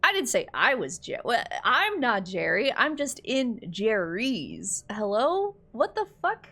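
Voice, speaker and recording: A woman's voice: fairly high pitch, sing-song, takes it slowly, sharp tone. A woman streaming a game, reacting with laughter and swearing as she talks to chat. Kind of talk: casual game commentary.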